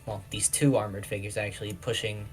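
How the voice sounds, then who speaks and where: A man narrating a tabletop game as game master, describing the scene in a steady, searching way with frequent restarts. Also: lowish voice, a little fast, faint music behind, low-quality recording.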